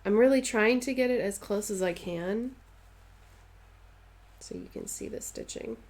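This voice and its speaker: A woman's voice: mid-range voice, a little slow, a little mellow, slight background noise. A woman chatting casually on a live stream while she stitches, answering viewers' comments and playfully dramatizing her stories.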